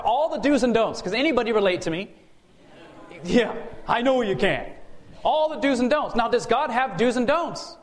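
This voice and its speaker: A man's voice: very high-pitched, lively intonation, normal speed. A man preaching a sermon in a church sanctuary, asking the congregation rhetorical questions and calling for amens.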